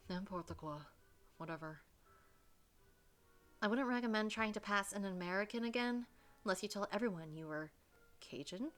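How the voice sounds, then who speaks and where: A woman voicing a curt, exasperated young Frenchman in a French accent, reading his lines low and muttered. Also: normal speed, pauses often, a bit bright, soft background music, lightly acted. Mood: sulky.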